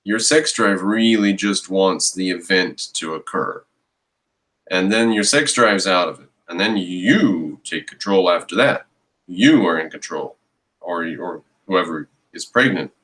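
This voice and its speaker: A man with a lowish voice rants his way through a reaction commentary. He stops the clip to pick it apart with exasperated, mocking scorn. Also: lively intonation, unhurried, a bit bright, rough recording.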